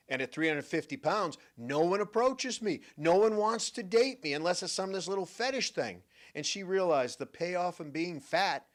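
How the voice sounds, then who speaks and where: Older New man, talk-show host, punchy storytelling that drops quiet then booms. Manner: emphatic storytelling, swings from hushed to loud. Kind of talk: radio-style talk monologue.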